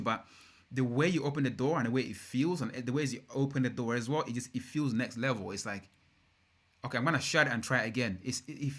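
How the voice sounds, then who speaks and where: An English man chatting live to his viewers, loose and rambling, full of slang and sudden bursts of excitement. His voice is bright and forward, with a lively edge that cuts through. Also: medium pitch. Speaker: livestream host. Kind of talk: casual livestream chat.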